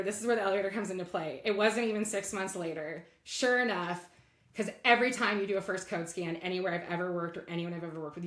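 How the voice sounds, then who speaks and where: A middle-aged woman telling a work story as a guest in a podcast interview, candid and animated, acting out bits of dialogue. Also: on the low side, roomy sound. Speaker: guest, legal operations leader.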